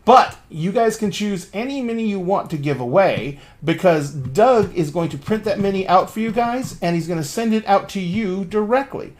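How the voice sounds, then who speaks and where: A man's voice: high-pitched, lively intonation, normal speed, hardly any pauses. A man running a tabletop game on a stream, talking in a casual, rambling way and swearing now and then. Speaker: game master.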